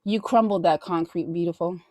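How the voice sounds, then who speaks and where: Effusive woman podcast host, low voice. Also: a little fast, mellow, no room sound. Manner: effusive, heartfelt, preacher-like affirmations. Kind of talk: casual chat.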